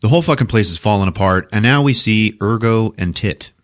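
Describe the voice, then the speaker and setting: A man hosting a podcast, recapping a movie with lots of swearing and laughter, jumping into loud shouted character voices. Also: lowish voice, a little fast. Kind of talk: animated comedic movie recap.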